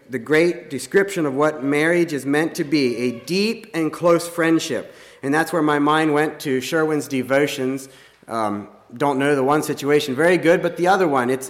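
A man preaching a sermon in an earnest, plain-spoken way, often pausing and restarting his sentences. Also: on the high side. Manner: halting, many restarts and fillers.

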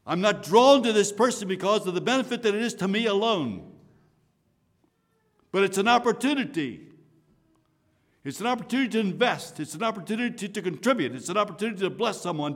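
A man preaching a sermon, swinging from loud emphatic lines to soft hushed asides. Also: high-pitched, expressive, fairly quick. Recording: long hall reverb.

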